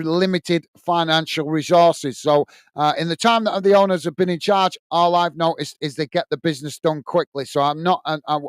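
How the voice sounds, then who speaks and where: A man's voice: on the high side, smooth, dry recording. A British man hosting a casual football fan livestream, chatting with viewers and reading their comments, with lots of fillers and restarts. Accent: British English. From United Kingdom.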